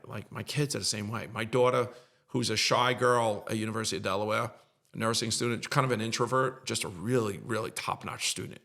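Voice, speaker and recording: A man's voice: fairly low pitch, gravelly, bright, forceful tone. A middle-aged man, a podcast guest, tells an emotional story in an earnest, repetitive way and gets choked up at times.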